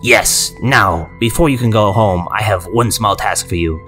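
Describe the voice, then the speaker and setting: A man voicing a possessed military general who speaks gruffly, slowly and with eerie care. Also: lowish voice, a bit bright, faint music behind, lightly acted. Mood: eerily kind. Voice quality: gruff, slow and delicate. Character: sinister male military general, possessed, coldly coaxing.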